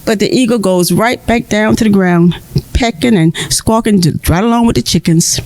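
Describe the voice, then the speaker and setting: A woman storyteller telling a folk tale to children in a lively, expressive way. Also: mid-range voice, moderate pace.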